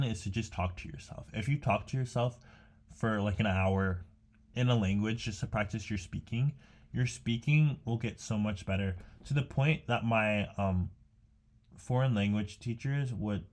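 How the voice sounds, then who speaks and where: A man's voice: on the low side, a little mellow. A young man rambling casually to himself while painting, chatty and meandering with many fillers and restarts. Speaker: art vlogger.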